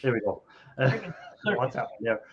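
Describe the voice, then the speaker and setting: A man's voice: mid-range voice, little pitch movement, moderate pace, dull audio, a loud crowd. A man hosting a casual live stream over a video call, chatty, with lots of fillers and laughter. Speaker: host.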